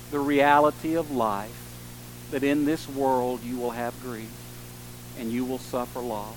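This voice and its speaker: A man preaching a sermon in an earnest way, rising to strong emphasis and dropping to soft, slow passages. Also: high voice, slight background noise, low-quality recording. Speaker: pastor.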